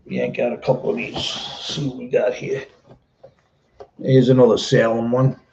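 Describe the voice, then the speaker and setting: A man's voice: mid-range voice, little pitch movement, a little slow, gravelly, darkish tone, slight background noise, low-quality recording. A middle-aged man chatting casually on a live stream, rambling and repeating himself as he talks.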